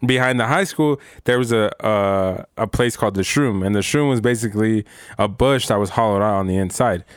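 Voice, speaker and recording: A man's voice: lowish voice, no echo, studio quality. A laid-back man telling a profane story in casual chat, laughing often as he goes.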